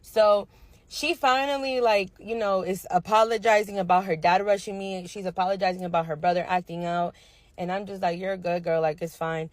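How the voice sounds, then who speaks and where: A young woman nail technician casually telling a storytime about a difficult client, animated and slangy. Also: mid-range voice, brisk, no room sound. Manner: animated, slangy retelling with quoted dialogue.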